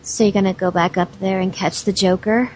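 Cartoon parody: a woman as a shaken young woman, hushed and breathless. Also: medium pitch, steady tone, a little fast, a little hiss or hum, natural voice, poor audio.

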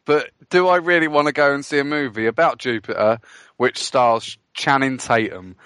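A man's voice: medium pitch, moderate pace, a bit bright, clear, resonant tone, dry recording, clean studio sound. A man co-hosting a casual movie chat, giving blunt opinions and laughing as he talks. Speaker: podcast co-host.

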